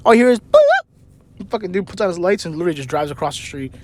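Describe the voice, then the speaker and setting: High-voiced man ranting from his car. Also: animated, very fast, a little mellow. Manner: profane, rambling, joking. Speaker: vlogger. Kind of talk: casual storytelling rant. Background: car engine noise.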